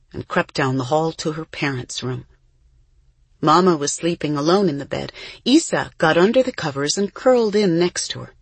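A husky, slightly breathy narrator reads a children's novel in a gentle, measured way at a mid pitch. The recording is close and dry, with no room sound. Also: no room sound. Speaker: audiobook narrator.

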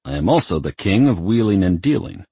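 A smug, menacing devil king who growls and hisses his words, as a man voices him in a storybook reading. The voice is very deep and husky, dry and close. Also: big pitch swings, brisk, warm tone, no room sound, full character voice.

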